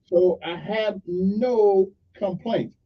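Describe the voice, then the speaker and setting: A man's voice: high-pitched, fairly even intonation, very slow. A middle-aged man, hosting a casual morning radio show with folksy, rambling asides and jokes. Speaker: radio talk show host. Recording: dull sound from a distance.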